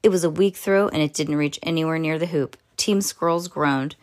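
A woman's voice: sits low, moderate pace. A woman reading a children's story aloud, with small slips and restarts and casual asides.

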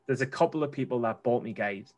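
A man's voice: medium pitch, fast, a little mellow. Geordie man chatting about trading. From North East England. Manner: chatty, rambling with restarts. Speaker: trader. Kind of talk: casual conversation.

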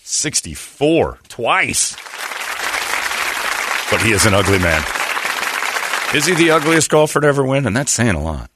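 A man's voice: medium pitch, very animated, a little slow, pauses often, a loud crowd, very noisy. A man hosting a casual talk show, telling crude jokey stories with lots of animation. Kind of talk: crude comedic banter.

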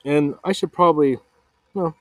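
A man's voice: on the high side, fairly bright tone, no room sound. Rambling man telling a personal story. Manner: casual, halting, with many repeated words and fillers. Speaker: podcast host.

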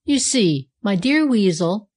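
A woman's voice: medium pitch, sing-song, takes it slowly, darkish tone. A woman voicing a grumpy, contrary talking bellows in a read-aloud storybook, speaking bluntly and curtly.

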